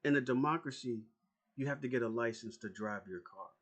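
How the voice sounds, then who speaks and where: A man's voice: mid-range voice, brisk, a bit bright. A man delivering an angry, profane political rant as a YouTuber, confrontational and repeating his points.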